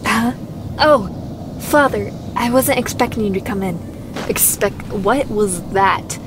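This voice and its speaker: A woman's voice: mid-range voice, slow pace, noisy background, natural voice. A woman reading fan-dub lines earnestly, stopping to mock her own slips. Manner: earnest reading, breaking into self-mocking asides. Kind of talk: fan-dub blooper outtakes.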